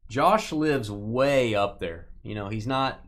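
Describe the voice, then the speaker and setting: A man's voice: medium pitch, slow pace. A man hosting a live trading-card break, calling out cards and playfully teasing viewers by name. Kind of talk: casual live-stream commentary.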